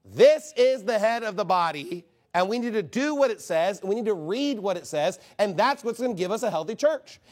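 A man's voice: sits high, animated, normal speed, few pauses, darkish tone. A man preaching a sermon as pastor, emphatic and rhetorical, mocking objections in quoted voices.

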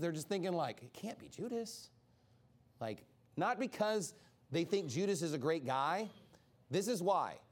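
A man teaching an informal Bible study sermon in a casual way, acting out the people he quotes. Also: high voice. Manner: animated, acts out quoted speakers; casual, many "like" fillers.

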